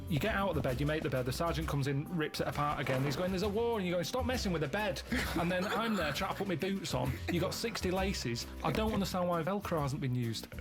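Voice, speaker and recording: A man, a radio show regular telling rambling stories in deadpan casual banter. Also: on the high side, quick pace, few pauses, music in the background.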